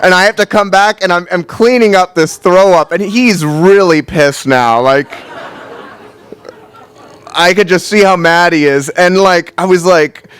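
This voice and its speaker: A man's voice: high-pitched, a bit bright, some chatter behind, slight background noise. Chatty man telling a story on stage. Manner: casual, quick and chatty, leans on "like". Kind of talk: live first-person storytelling. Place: storytelling event stage before a crowd.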